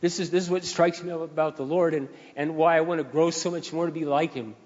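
Male pastor, slightly high voice, preaching with emphatic repeats; dull recording with long hall echo. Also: fairly even intonation, a little fast. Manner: emphatic repetition, swelling louder on key phrases. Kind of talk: sermon.

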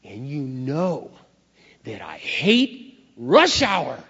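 A man preaching a sermon through personal stories, animated, acting out dialogue and swinging between loud and soft. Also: mid-range voice, drawn-out words, slightly rough. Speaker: pastor. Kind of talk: sermon with storytelling. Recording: dull recording in a reverberant hall.

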